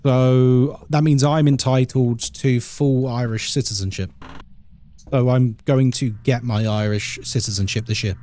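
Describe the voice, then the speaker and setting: A man's voice: medium pitch, fairly even intonation, a little slow, dark tone. A man from England chatting casually on a live game stream, reading out chat and laughing often.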